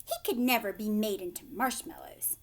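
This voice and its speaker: A woman reading aloud, voicing an eccentric, giggling male chocolate maker who speaks in a playful, often hushed and breathy way. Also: mid-range voice, normal speed, close to an everyday voice.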